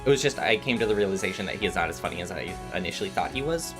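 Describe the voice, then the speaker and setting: A man's voice: low voice, lively intonation, rapid-fire, music in the background. A man in his twenties streaming while gaming, chatting casually and telling rambling stories with many restarts. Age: 20s. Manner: rambling storytelling with frequent restarts.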